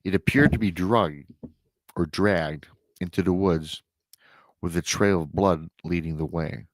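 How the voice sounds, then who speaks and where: A podcast host, speaking low at a measured pace, dramatically retells an emailed story sent in by a listener, weaving in emotional asides. The sound is studio quality, with no room sound.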